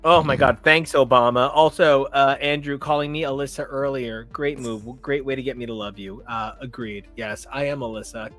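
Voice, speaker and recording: A man's voice: mid-range voice, fairly even intonation, normal speed, few pauses, a bit bright, soft background music. Sarcastic, blunt male podcast co-host. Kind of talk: casual chat.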